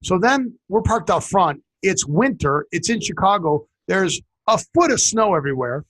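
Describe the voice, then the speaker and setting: A man's voice: sits high, expressive, normal speed, fairly bright tone, husky, dry recording. A middle-aged man co-hosting a casual talk show, joking and stumbling over repeated words as he tells a story. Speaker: podcast co-host. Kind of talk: casual chat.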